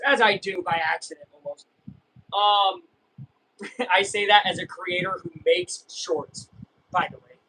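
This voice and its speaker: A young man casually chatting and reacting while streaming a live baseball game, rambling and breaking into excited yells. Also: sits high, low-quality recording. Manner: rambling, self-interrupting, bursts of excited yelling. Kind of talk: casual live game watch-along chat.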